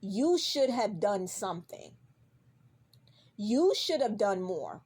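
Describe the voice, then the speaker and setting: A woman's voice: mid-range voice, sing-song, slow, darkish tone, breathy edge. Heated, profane woman ranting. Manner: profane, heated, repeats for emphasis; addresses a character directly. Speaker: vlogger. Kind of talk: casual reaction rant.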